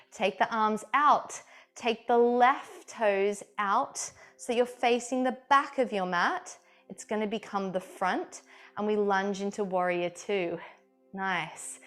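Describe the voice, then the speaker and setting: Calm woman guiding a yoga flow. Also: mid-range voice. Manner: calm, encouraging cueing with playful asides. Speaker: yoga teacher. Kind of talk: guided yoga class instruction.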